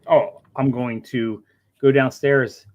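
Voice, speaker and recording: A man's voice: medium pitch, steady tone, slow pace, highs cut off. A man hosts a casual live stream with a mid-range voice, cracking jokes and teasing his guests in an easygoing way. His delivery stays loose and conversational. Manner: joking, teasing. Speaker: stream host. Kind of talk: casual chat.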